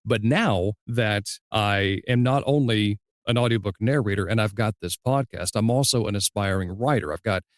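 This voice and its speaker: A man with a slight Southern US accent, hosting a podcast interview and asking measured questions in an easygoing, storytelling way. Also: fairly low pitch, dry recording, studio quality. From Southern United States. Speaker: podcast host and audiobook narrator. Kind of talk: casual interview chat.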